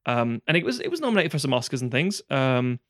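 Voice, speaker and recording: Fast-talking man, casual film chat. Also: medium pitch, very animated, a bit bright, no echo, studio quality. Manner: fast, rambling, swears freely, frequent restarts. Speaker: podcast co-host.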